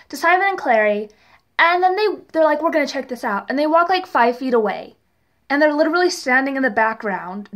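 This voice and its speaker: Young woman, high voice, chatty casual reviewer. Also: a bit bright. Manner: chatty, leans heavily on "really". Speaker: TV review vlogger.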